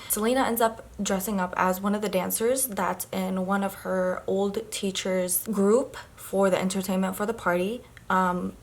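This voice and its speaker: Young woman, book vlogger, casual chatty recap, rambling, filler words. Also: mid-range voice. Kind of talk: casual reading vlog.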